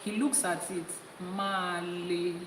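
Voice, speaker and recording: A woman's voice: medium pitch, moderate pace, recorded from a distance. A woman with a Nigerian accent giving an emphatic spiritual teaching as an Ifa priestess, repeating key points for stress. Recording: echoey hall with background noise.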